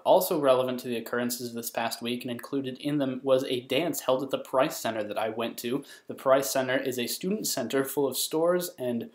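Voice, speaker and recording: Rambling, self-mocking young man. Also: mid-range voice. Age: young adult. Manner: absurd, self-mocking, deadpan jokes. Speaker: vlogger. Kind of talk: rambling comic storytelling. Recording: roomy echo.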